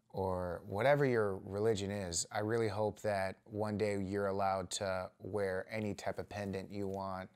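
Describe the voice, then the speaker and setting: A man's voice: low voice, clean tone. A man from Iraq, a comedian, speaking earnestly and reflectively in an interview.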